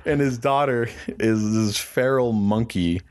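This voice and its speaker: A man's voice: medium pitch, takes it slowly. A man in casual chat, telling a story with acted-out quotes and frequent laughter. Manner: animated storyteller, acts out quotes, laughs often. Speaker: podcast co-host.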